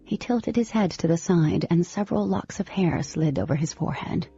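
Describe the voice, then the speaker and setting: A woman narrates a first-person novel with lively, animated delivery. Her voice is mellow, husky and gravelly. The recording is slightly lo-fi, with faint music in the background. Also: fairly low pitch, moderate pace. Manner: expressive, animated storytelling. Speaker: audiobook narrator.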